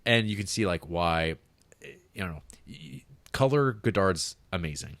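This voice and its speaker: A man's voice: low-pitched, animated, measured pace, creaky, a bit bright, dry recording. A man co-hosting a film podcast in casual chat, rambling with lots of fillers and restarts. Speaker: podcast co-host.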